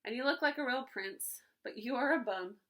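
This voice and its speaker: Woman doing a bold, shouting young princess. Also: a little high, normal speed. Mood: scolding. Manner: shouting, eager.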